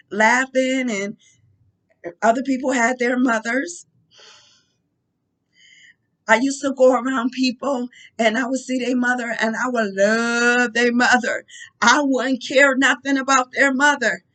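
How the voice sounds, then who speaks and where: A woman speaking softly and haltingly in a heartfelt personal monologue, pausing and restarting as she talks. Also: a little high, poor audio. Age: adult. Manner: halting, soft-spoken, with frequent pauses and restarts; emotional and heartfelt. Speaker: vlogger.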